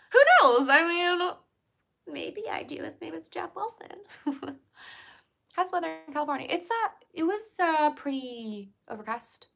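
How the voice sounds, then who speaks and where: A woman's voice: high-pitched, creaky, fairly bright tone. A young adult woman hosting a livestream, chatting casually, giggling and answering her chat. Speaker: livestream host.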